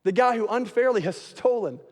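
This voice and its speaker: Male pastor, high voice, animated sermon with acted-out quotes, long hall reverb. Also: a little fast.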